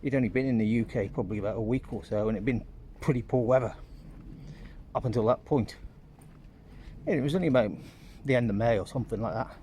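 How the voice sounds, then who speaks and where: A vlogger walks town streets outdoors, rambling like a storyteller into a handheld phone for a casual vlog. His medium-pitched, dark-toned voice moves fast, with slight background noise.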